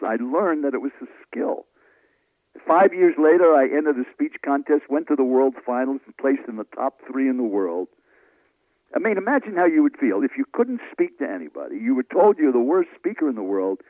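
Casting note: man in his late 70s, lively storyteller voice, heard over a dry, phone-like line. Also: mid-range voice, no echo. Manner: lively, animated storyteller acting out dialogue. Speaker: speaking coach guest. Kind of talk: storytelling interview answers.

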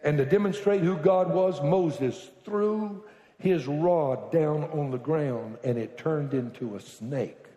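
A man preaching a sermon as pastor, telling stories with joking asides that build to loud bursts. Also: a little high, takes it slowly, highs cut off. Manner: animated storytelling with joking asides, bursts to shouting. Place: church sanctuary. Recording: echoey reverberant hall.

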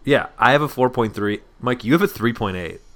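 A man's voice: mid-range voice, expressive, a little fast, a bit bright. A man in a scripted comedy scene, talking casually with friends in a wry, teasing way. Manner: wry, teasing, reads aloud with mock drama.

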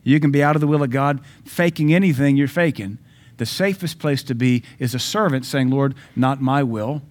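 A man delivers a sermon from the pulpit, his mid-pitched voice pressing each point hard. He swings between loud, insistent declarations and softer, drawn-out asides. It is plain church preaching, forceful and direct. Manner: emphatic preaching with sudden loud and soft swings. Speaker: pastor.

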